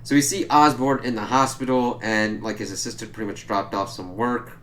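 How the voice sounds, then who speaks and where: A man casually recapping a comic book issue, loose and profane, jumping up in pitch whenever he quotes a character. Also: steady tone, normal speed, a bit bright, a little hiss or hum. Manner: loose and profane, jumps higher when quoting characters.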